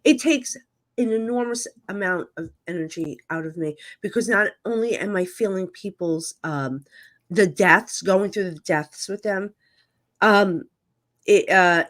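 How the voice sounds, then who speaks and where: A woman's voice: medium pitch, a little slow. A middle-aged woman, a psychic medium guest, telling emotional stories candidly in casual chat. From New Jersey. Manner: candid, emotional storytelling with frequent fillers.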